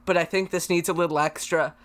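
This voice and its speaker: A man's voice: fairly high pitch, fairly even intonation, fast. A man hosting a casual interview podcast, giving dry, brief replies. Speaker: podcast host.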